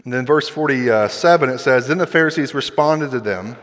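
A man's voice: medium pitch, fairly quick, a bit bright. A male pastor preaching a sermon in a conversational way, acting out quoted voices as he goes. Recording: long hall reverb.

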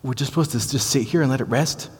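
A man's voice: mid-range voice, breathy edge, in a large hall, voice pushed up. A man with a Southern US accent voicing a worried ancient Israelite man who pleads and questions God. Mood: anxious pleading. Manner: anxious, pleading, rapid questions.

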